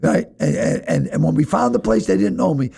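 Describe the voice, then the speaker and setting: An older man telling wild stories from his past as a podcast guest, in an animated, profane way. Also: mid-range voice, a little fast, gravelly, husky. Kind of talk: storytelling in a podcast interview.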